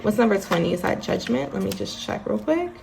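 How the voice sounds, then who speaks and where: A woman's voice: mid-range voice, very animated, a little fast, vocal fry, a little mellow, soft background music. A woman giving a casual tarot reading to her viewers, chatty and mixing readings from the deck's guidebook with asides to the audience. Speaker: tarot card reader.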